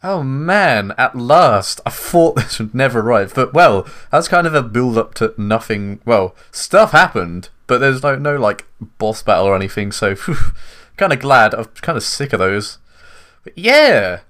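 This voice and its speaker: A man's voice: mid-range voice, sing-song, measured pace, a bit bright. A man giving jokey, casual commentary over a game he is playing, swearing offhandedly. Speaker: let's play commentator.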